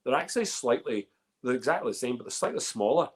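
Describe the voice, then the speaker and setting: A man's voice: mid-range voice, animated, fast talker. A man with a Northern Irish accent hosting a whiskey tasting in casual, rambling chat full of fillers and restarts. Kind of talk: casual live-stream chat.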